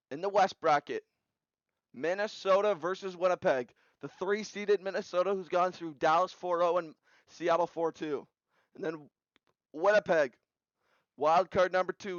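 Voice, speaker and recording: A young man recapping simulated hockey games in quick bursts of scores, getting excited at big goals. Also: high-pitched, no room sound. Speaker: video game simulation commentator. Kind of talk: play-by-play recap commentary. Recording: slightly dull lo-fi audio.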